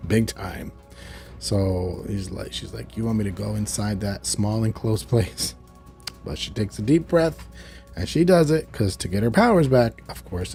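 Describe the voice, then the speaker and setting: A chatty man with a low, mellow voice casually recaps a show episode, piling on asides as he retells it. Faint music runs softly behind him. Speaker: video reviewer.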